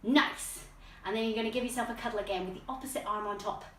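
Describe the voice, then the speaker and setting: Woman, kids' yoga teacher, bright high voice, playful and encouraging, echoey room, set back from the mic. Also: fast talker, recorded from a distance. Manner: playful, encouraging, with silly animal noises. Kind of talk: guided kids' yoga lesson. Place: room at home with plants.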